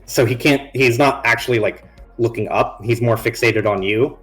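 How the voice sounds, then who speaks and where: A man's voice: medium pitch, moderate pace, fairly bright tone, soft background music. A man narrating a tabletop game as game master on a live stream, in a loose and rambling way with many restarts.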